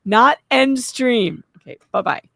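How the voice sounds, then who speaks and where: A woman's voice: a little high, lively intonation, unhurried, vocal fry, sharp tone, dry recording. Woman co-hosting a livestream, dry sound. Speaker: co-host guest. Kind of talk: casual live-stream chat.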